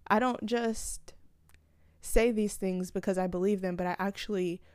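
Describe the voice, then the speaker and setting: A woman hosts her own podcast from a small room, speaking close to the mic. Her talk is casual and earnest, rambling along with fillers and restarts. Her voice is smooth and clear, and the recording is dry with no room sound. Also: medium pitch, fairly even intonation, moderate pace, darkish tone, no room sound. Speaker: podcast host.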